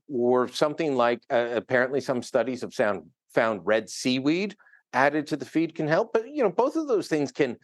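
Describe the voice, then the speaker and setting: A man's voice: mid-range voice, dry recording. A man giving opinionated, chuckling political commentary as a guest columnist over a remote link. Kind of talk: news interview commentary. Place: remote studio in another city.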